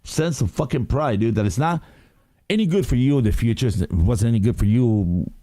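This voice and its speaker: A man's voice: mid-range voice, fairly quick, no room sound, studio quality. Profane, rambling man ranting casually. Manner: profane, rambling, animated rant with lots of fillers. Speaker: podcast co-host. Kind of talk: casual podcast discussion.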